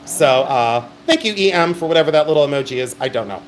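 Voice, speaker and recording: A man's voice: fairly high pitch, expressive, fast talker, slight background noise. A middle-aged man hosting a live-stream jewelry sale, with chatty, emphatic sales patter.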